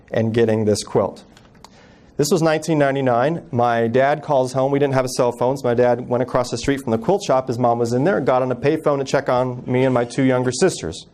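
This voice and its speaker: A man in his thirties giving an earnest personal storytelling talk as a guest speaker, acting out family members' words softly. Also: mid-range voice. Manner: earnest, acts out quoted family voices softly.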